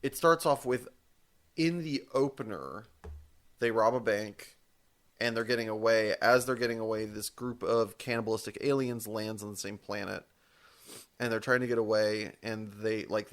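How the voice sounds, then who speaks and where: A man talking through ideas on a podcast in relaxed, rambling chat. His voice sits low with a gravelly edge, and he often doubles back to correct himself mid-thought. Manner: rambling, self-correcting, casual swearing. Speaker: podcast co-host. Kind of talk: casual chat.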